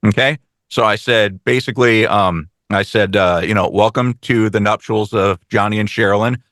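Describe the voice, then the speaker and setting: Low-voiced man telling stories fast. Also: fairly bright tone, no echo, clean studio sound. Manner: fast, profane storytelling with quoted dialogue. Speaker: podcast co-host. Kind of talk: casual chat.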